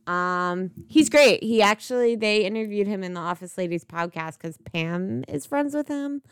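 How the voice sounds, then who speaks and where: Young woman podcast host, rambly, lots of ums, super clear voice. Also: mid-range voice, lively intonation, normal speed, no room sound, studio quality. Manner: chatty, rambling with many fillers and swearing. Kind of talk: casual chat about movies.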